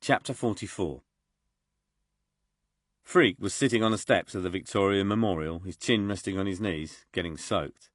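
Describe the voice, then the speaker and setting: A man reading an audiobook in a steady, measured way. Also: low-pitched, no room sound, studio quality. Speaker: audiobook narrator. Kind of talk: scripted narration.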